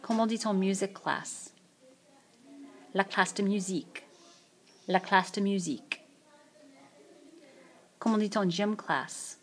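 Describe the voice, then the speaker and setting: A woman walks through French vocabulary in a recorded lesson, at an unhurried pace with clear pauses. Her voice sits at an ordinary middle pitch. She says each phrase, then says it again for her students. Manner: slow, repeats each French phrase twice. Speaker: French teacher. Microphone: tablet mic.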